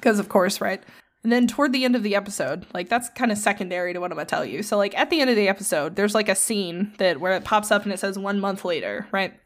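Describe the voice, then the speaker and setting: Woman podcast co-host, mid-pitched voice, loose chatty storyteller who swears freely. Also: fast talker. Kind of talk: casual podcast chat.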